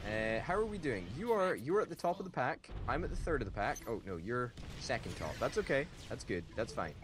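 A man chatting casually while playing a strategy game, self-mocking and prone to sudden excited jumps in pitch. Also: brisk. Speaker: game commentator. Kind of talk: casual gameplay commentary. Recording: background hiss.

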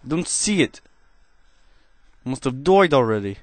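A man doing gameplay commentary in a cheesy put-on Russian accent, speaking halting, broken English into a headset. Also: medium pitch, big pitch swings, dry recording. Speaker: gaming commentator.

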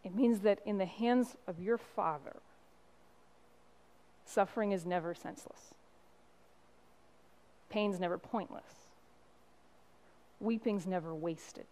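A middle-aged woman pastor giving a sermon, telling stories and driving points home with emphatic pauses. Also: medium pitch, mellow. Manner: impassioned preaching with storytelling and emphatic pauses.

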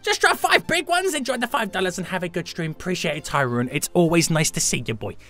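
A young man hosts a live game stream with hyped, joking energy. His pitch swings widely from phrase to phrase, and his tone is bright and forceful. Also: fast, faint music behind. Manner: hyped, jokey, animated, greets chat members.

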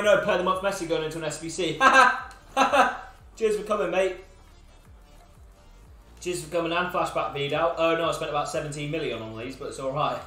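A young man with a high voice chats and jokes with his viewers while opening packs on a live stream, teasing them and yelling now and then. His voice rings around a roomy space, with game music faintly underneath. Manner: banter with chat, teasing viewers, sudden shouts. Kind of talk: live-stream gaming chat.

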